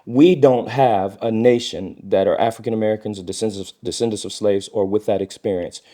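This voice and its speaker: A man's voice: fairly low pitch, fairly even intonation, a little fast, warm tone. Earnest middle-aged man in casual discussion. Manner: earnest, acts out quoted speech in a raised voice. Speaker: guest.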